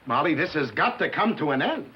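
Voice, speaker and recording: An indignant family husband, emphatic and scolding. His voice sits high and swings widely in pitch. It comes through a dull, lo-fi old television recording. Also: very animated, fairly quick, a little hiss or hum. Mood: puzzled. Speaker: husband in a sitcom. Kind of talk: 1950s TV sitcom acting. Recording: dull lo-fi 1950s TV sound.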